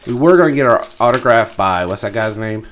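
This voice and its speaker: Lively low-voiced man chatting. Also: brisk, a little hiss or hum. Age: adult, parent of an eight-year-old. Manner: animated storyteller acting out quotes. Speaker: podcast co-host. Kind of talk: casual chat.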